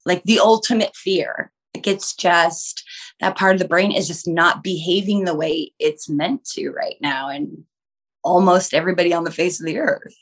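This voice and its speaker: A woman's voice: fairly low pitch, fairly even intonation, normal speed. A woman guest on a podcast, talking loosely with many fillers. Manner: loose, filler-heavy talk. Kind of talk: casual chat.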